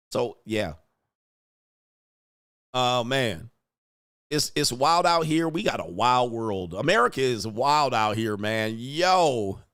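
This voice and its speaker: A man hosting a casual livestream, reading chat comments and telling stories in a profane, animated way. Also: medium pitch. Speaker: host of a livestream show. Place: home studio.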